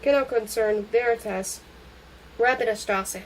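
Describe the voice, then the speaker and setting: A woman's voice: fairly high pitch, a little hiss or hum, natural voice, rough recording. Woman reading as a pushy man on the phone. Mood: brisk. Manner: brisk and insistent. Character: brisk, pushy middle-aged man on the phone.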